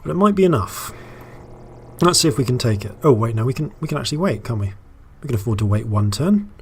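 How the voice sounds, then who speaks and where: Husky man, mid pitch, let's play host. Casual, wry, thinks aloud. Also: big pitch swings, fast. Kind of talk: casual gameplay commentary.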